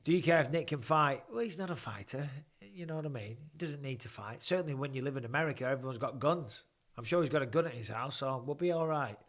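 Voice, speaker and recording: Speaking fast in a mid-range, fairly bright voice, a forty-something man streams live fight commentary from home. He keeps up a chatty, joking patter and reads viewer questions out loud as he answers them.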